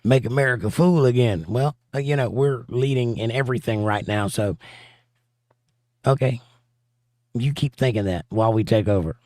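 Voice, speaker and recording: A man's voice: medium pitch, normal speed, pauses often, a little mellow, dry recording, studio quality. A man hosting a casual livestream, reading out viewer comments and answering them in an offhand way. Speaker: show host.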